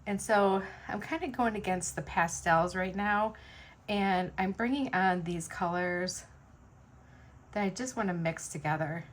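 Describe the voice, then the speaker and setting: A woman's voice: medium pitch, measured pace, slight background noise. A woman vlogger chatting casually and rambling with many fillers while she makes beaded jewelry at home. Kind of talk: casual chat while beading.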